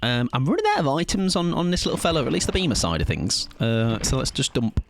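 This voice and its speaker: A young man streaming a game, chatting loudly and energetically with his viewers and laughing often. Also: medium pitch, huge pitch swings, fast talker, a little hiss or hum. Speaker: livestreamer. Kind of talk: casual gaming livestream chat.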